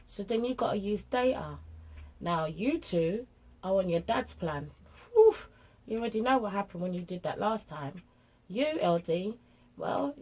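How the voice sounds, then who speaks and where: A woman's voice: medium pitch, darkish tone, husky, rough recording. A middle-aged woman with a British accent, chatting bluntly and casually about parenting, full of slang. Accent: British English. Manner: chatty and blunt, with street slang, acting out family exchanges. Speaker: parent vlogger. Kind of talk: casual monologue giving parenting advice.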